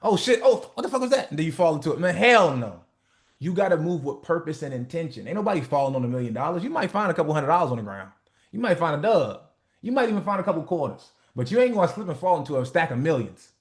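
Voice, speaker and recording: Animated, profane man coaching a group call. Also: a little high, fast. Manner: animated, profane, acts out skits. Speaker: business coach.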